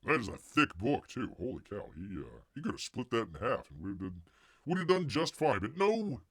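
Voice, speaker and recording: A husky, medium-pitched, sing-song voice at a moderate pace belongs to a man hosting a casual comics news live stream, recorded at studio quality without echo. He's rambling and jokey, mutters asides, and calls himself Bear in the third person.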